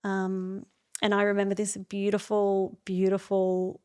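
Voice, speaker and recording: A woman guest on a podcast, telling a personal story in an earnest, reflective way with many pauses and restarts. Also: mid-range voice, monotone, darkish tone, clean tone. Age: adult parent.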